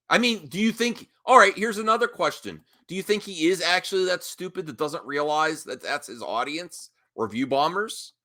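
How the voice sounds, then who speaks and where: Sharp combative man ranting. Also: a little high. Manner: combative, mocking, talks back at a clip. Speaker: reaction commentator. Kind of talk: heated reaction commentary.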